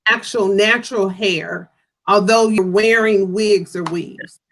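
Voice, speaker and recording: A woman hosting a casual interview. She speaks in a chatty, encouraging way and phrases her questions deliberately. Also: medium pitch, fairly even intonation, fairly bright tone, low-quality recording. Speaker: talk show host.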